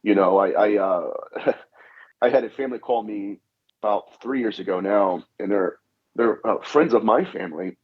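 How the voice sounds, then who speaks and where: Husky low-voiced man telling stories. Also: normal speed. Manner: anecdotal, acts out dialogue, frequent "I said". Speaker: guest, demonologist. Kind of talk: storytelling in a podcast interview. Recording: dull lo-fi audio.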